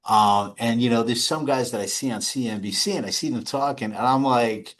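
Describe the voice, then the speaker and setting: A man's voice: mid-range voice, fairly quick, a bit bright. A middle-aged man in casual interview talk, rambling through anecdotes with frequent restarts and small laughs. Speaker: guest. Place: home or office.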